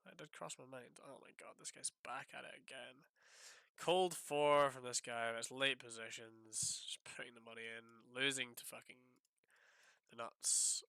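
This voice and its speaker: A man's voice: mid-range voice, a little slow, creaky, smooth, no echo. A man commentating his own live poker session, exasperated and swearing, swinging from outbursts to muttering to himself. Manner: animated outbursts that drop to muttering.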